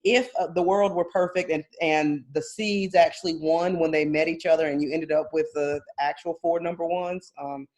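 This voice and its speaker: A woman's voice: low voice, fairly even intonation, normal speed, few pauses, a little mellow. A woman co-hosting a casual sports podcast, talking in long rambling turns, hedging often and laughing between thoughts. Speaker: podcast co-host.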